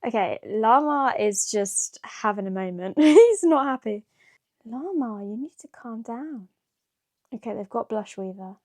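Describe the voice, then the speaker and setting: A woman vlogging her reactions to a novel, chatty and excitable, gasping and exclaiming, full of "like" and "what the hell". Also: mid-range voice, a little slow, no echo, studio quality. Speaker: book vlogger. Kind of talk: casual reading-reaction vlog.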